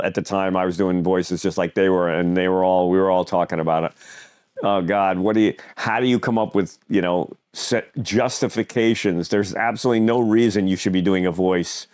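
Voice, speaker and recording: Halting, reflective man, low-pitched. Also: darkish tone, smooth, no echo, clean studio sound. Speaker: comedian and podcast co-host. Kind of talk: casual podcast chat.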